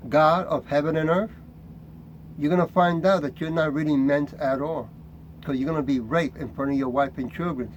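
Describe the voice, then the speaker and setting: A fiery middle-aged man preaching in a voice pitched a little high for a man. He reads scripture slowly and deliberately, then turns confrontational, tossing "right?" at his listeners. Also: lo-fi sound, slight background noise.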